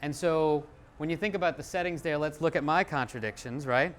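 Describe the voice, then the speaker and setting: A middle-aged man giving a live talk as a psychologist, lively and self-deprecating, acting out little quotes. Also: fairly high pitch, brisk.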